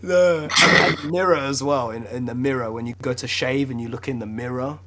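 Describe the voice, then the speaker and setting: A man's voice: mid-range voice, fairly quick, pushed and bright. A young man with a British accent, co-hosting a podcast in casual, laughing banter with mock outrage. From Britain. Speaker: podcast co-host.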